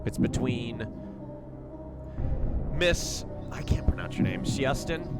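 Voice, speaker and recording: A man's voice: mid-range voice, animated, slow, loud music behind the voice. A man hosting a casual online dating show, stumbling over names and keeping things loose and joking. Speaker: show host.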